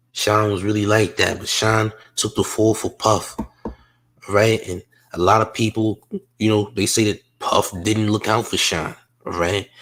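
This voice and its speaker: A man's voice: lowish voice, fairly bright tone. A man hosting a casual news reaction show, talking in streetwise slang with frequent asides to viewers. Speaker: news commentary host.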